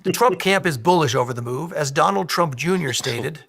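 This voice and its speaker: Deadpan fake-news anchor guy, kinda high, gravelly. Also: normal speed, no echo, clean studio sound. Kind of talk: mock news broadcast.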